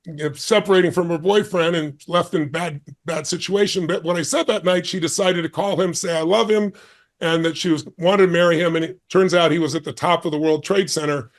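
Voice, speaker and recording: A man's voice: fairly high pitch, steady tone, a little fast, hardly any pauses. A man in his sixties, a guest on an interview show, telling a story with intense emphasis and acting out the dialogue. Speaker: guest speaker.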